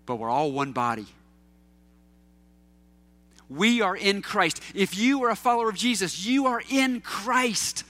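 High, bright-voiced preaching man. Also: lively intonation, unhurried, pauses often. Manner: casual and anecdotal, with fillers and repeats. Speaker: pastor. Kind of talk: conversational sermon.

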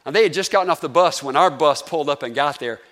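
A pastor speaking with a Southern North Carolina accent delivers his sermon casually and quickly, often directing questions at the congregation. His fairly bright voice sits a little above the usual male range and rings out with a long sanctuary reverb.

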